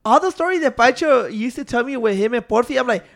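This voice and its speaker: High-pitched dude, teasing and cussing, keeps cutting in. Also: male voice, lively intonation, fast talker, gravelly, a bit bright. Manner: teasing, profane, interrupting. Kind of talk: casual banter.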